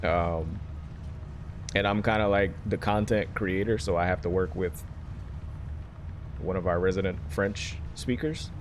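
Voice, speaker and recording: A man's voice: low-pitched, measured pace, pauses often, slight background noise. A man streaming a video game, rambling and joking casually with his viewers. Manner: rambling, jokey, chats with viewers. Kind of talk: casual chat while playing a game.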